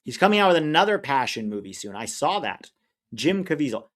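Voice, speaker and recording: A man's voice: on the high side, very animated, fairly quick, fairly bright tone. A man hosting a livestream watch-along, chatting casually and reading viewer comments. He rambles, gives easy opinions and often loses track of names mid-sentence. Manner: opinionated and easygoing.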